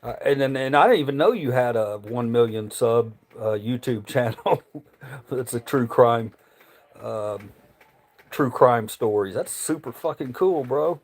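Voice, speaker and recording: A man from Memphis with a slow Southern Tennessee drawl. He talks loosely and profanely, rambling between chat questions on his own livestream. His pitch is a plain, middle male register. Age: adult, married. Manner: rambling, profane, reads viewer chat aloud. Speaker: livestream host.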